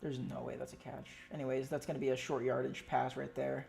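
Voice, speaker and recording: A fan streaming their own play-by-play of a game, excitable and pleading, jumping between loud outbursts and quiet muttered commentary, with frequent swearing. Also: mid-range voice, fairly quick, vocal fry, a little hiss or hum. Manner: swears often. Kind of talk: amateur live stream commentary.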